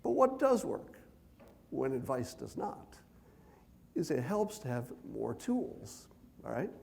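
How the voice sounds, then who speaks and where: A man giving a conference keynote speech, conversational with dry self-deprecating humor, deliberately speaking at a raised pitch. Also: big pitch swings, creaky, darkish tone, a little hiss or hum. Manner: loose, unhurried delivery with many fillers and asides.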